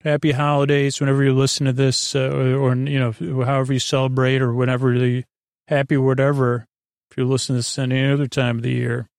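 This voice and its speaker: Rambling man with a gravelly voice. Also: medium pitch, monotone, darkish tone, dry recording, clean studio sound. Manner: rambling, halting with many fillers; loosely quotes characters without doing voices. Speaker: podcast host. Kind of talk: sleepy recap of a TV episode.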